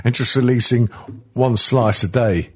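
Husky-voiced british guy hosting a podcast. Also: mid-range voice, unhurried. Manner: crude, jokey, laughs often. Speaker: podcast host. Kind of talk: casual comedy podcast chat.

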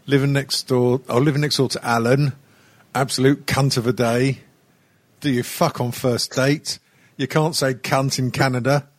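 A man's voice: medium pitch, steady tone, normal speed, no room sound. A man chatting casually with a wry, dry sense of humour. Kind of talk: casual chat.

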